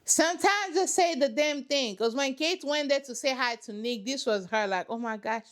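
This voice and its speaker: A woman's voice: sits high, expressive, normal speed. A woman hosting a reaction channel, giving sassy, dramatic running commentary on a reality show from her couch at home.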